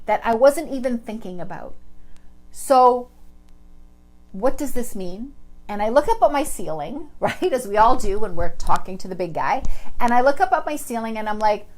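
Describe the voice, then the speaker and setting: A woman hosting a live online stream as a spiritual teacher, telling a personal story in an earnest, animated way and greeting viewers by name. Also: on the high side, moderate pace, low-quality recording.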